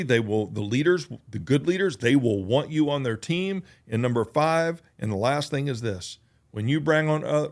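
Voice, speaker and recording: A man hosting a motivational podcast, talking earnestly and emphatically and repeating his key points. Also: medium pitch. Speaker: podcast host.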